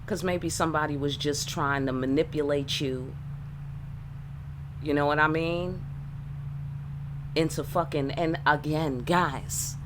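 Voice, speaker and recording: A woman with a fairly low voice talks straight and profane, jabbing in "you dig?" asides as she reads the cards. She sounds casual and streetwise, recorded on a simple home mic. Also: noisy background. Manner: blunt, profane, streetwise, full of rhetorical asides. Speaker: tarot reader. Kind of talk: casual channeled reading.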